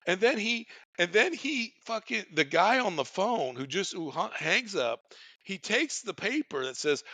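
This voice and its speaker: A man hosting a podcast, telling a profane comic story in an animated way. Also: sits high, a little slow, no echo. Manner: animated, swearing, laughing. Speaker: podcast host.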